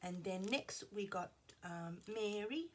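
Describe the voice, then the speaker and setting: A middle-aged woman chatting casually at her craft table at home, rambling and drifting into soft asides, a little unwell. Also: mid-range voice, lively intonation, takes it slowly, a little hiss or hum. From Australia. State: slightly unwell. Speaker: craft vlogger. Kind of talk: casual show-and-tell chat.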